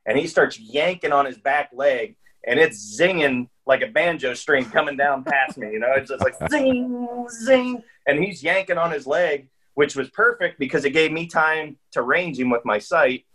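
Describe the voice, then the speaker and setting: A man's voice: mid-range voice, moderate pace, sharp tone, husky, rough recording. A man telling a long hunting story in casual chat, rambling along with frequent restarts and fillers. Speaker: guest hunter.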